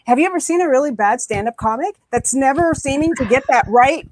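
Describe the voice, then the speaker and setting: A woman on a video call takes part in an animated panel discussion, speaking emphatically and repeating words for stress. Her voice is high and expressive, and she talks a little quickly.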